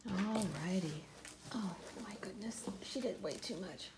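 A woman from California chatting through a casual unboxing at home, gushing over each item and often dropping into a soft whisper. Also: medium pitch, a little slow, background noise. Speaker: vlogger.

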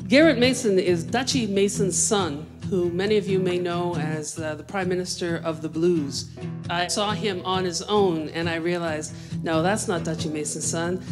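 A middle-aged woman from New Brunswick, Canada, hosting a talk show and doing a stand-up comedy monologue, animated with playful asides. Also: on the low side, normal speed, music in the background. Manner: animated storyteller, playful asides, mock-exasperated.

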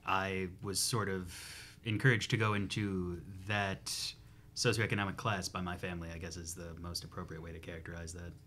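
A man on a university staff, a guest speaking in a dry, measured way and choosing his words with care. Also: sits low, little pitch movement, fairly bright tone. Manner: dry, measured, careful wording. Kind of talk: casual interview chat.

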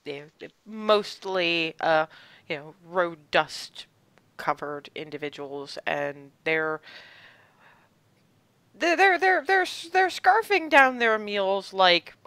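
A woman running a tabletop game, describing scenes slowly and pausing to find her words. Her voice is bright and sits close and dry on the mic. She speaks at a middle pitch. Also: expressive, smooth, no room sound. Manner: unhurried, searching for words. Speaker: game master.

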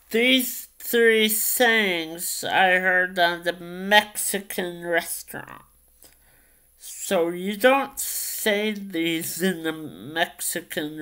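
Brief: male vlogger, crisp bright tone, halting, full of ums, very slow. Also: fairly high pitch. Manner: hesitant, many ums and repeated phrases. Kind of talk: casual vlog storytelling.

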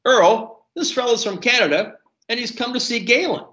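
A man's voice: a little high, very animated, fairly quick. A man voicing a sassy, flirtatious waitress in her sixties with a drawl. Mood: teasing, brassy. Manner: sassy, teasing, drawling endearments.

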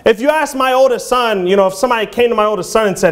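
A man's voice: sits high, lively intonation, quick pace. A man in his thirties preaching in a church, talking informally and reading scripture aloud in King James English. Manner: informal, conversational, peppered with "you know" and "man". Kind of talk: sermon.

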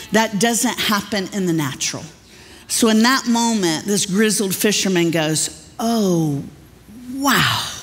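A woman's voice: mid-range voice, a little hiss or hum. A woman pastor, preaching with humorous, folksy storytelling in a large church. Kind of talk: sermon. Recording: long reverb of a church hall.

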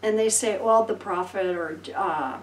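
A woman pastor preaching a sermon, telling Bible stories with lively acted-out voices and laughter. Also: mid-range voice, unhurried, echoey room, far from the mic, slight background noise, poor audio. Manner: animated storytelling, acting out voices and laughing.

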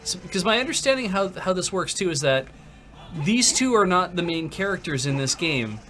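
A man co-hosting a game stream, chatting casually and rambling with lots of halting fillers. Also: high-pitched, lively intonation, sharp tone, faint music behind. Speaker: stream co-host. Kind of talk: casual gameplay chat.

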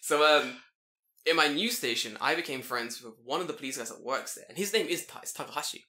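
A man hosting a podcast, telling a story in an excitable, profane, animated way. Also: fairly high pitch, brisk. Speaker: podcast host. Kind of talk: casual chat, storytelling.

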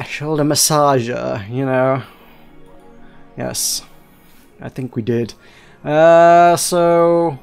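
Male let's-play host, somewhat high voice, rambling casual game commentary. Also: gravelly. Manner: rambling, self-interrupting, chatty.

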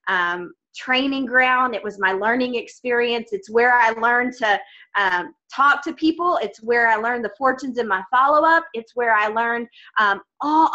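Woman, motivational speaker on a video call, bright and punchy, slightly high, lo-fi audio. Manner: emphatic, encouraging, addresses listeners as guys. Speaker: guest speaker on a team call. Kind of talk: motivational team call talk.

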